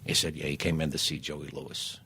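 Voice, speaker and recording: A man, telling lively anecdotes as a podcast guest and acting out the dialogue. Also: very deep voice, fairly quick, vocal fry, husky. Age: 70s. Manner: animated raconteur who acts out quoted dialogue. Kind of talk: anecdotal storytelling.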